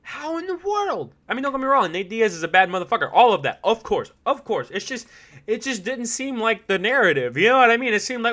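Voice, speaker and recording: A man hosting a solo podcast, talking in an animated, swearing, laugh-filled way that swings between loud outbursts and low asides. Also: quick pace. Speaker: podcast host.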